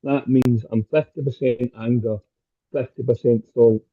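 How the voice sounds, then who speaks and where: Man, Scottish accent, stand-up comedian, crude jokes, husky, tinny call audio. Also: medium pitch, fairly even intonation, unhurried. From Scotland. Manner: crude, self-deprecating punchlines. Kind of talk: stand-up set over a video call. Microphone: video call.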